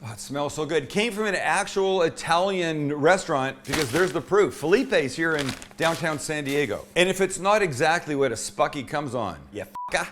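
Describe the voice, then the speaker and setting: A man's voice: on the high side, expressive, moderate pace, few pauses, a bit bright, slight background noise. A man hosting a cooking show from his indoor home kitchen, chatty and irreverent as he demonstrates a recipe.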